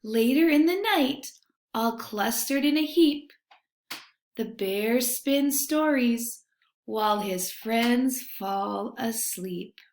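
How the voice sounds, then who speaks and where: A woman reading a children's picture book aloud, gentle and expressive, with hushed refrains. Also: on the high side, slow pace, slight background noise. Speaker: storybook reader. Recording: roomy echo.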